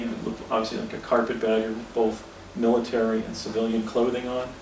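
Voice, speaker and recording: Man in his 50s rambling thru a story outdoors, far from the mic, echoey. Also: mid-range voice. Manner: rambling, self-correcting, pointing things out. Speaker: speaker recounting an experience. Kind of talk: casual storytelling on location. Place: outdoors at a historic site. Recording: distant, echoey, faint outdoor noise.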